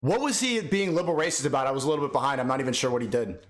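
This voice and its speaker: Brash fast-talking young man streamer. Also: medium pitch, big pitch swings. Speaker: livestream host. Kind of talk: casual livestream chat.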